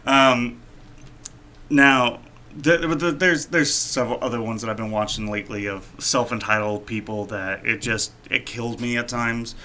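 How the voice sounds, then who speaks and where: A man's voice: mid-range voice, normal speed, bright, forceful tone, a little hiss or hum. A man co-hosting a podcast, casually telling a rambling, profane story. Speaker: podcast co-host.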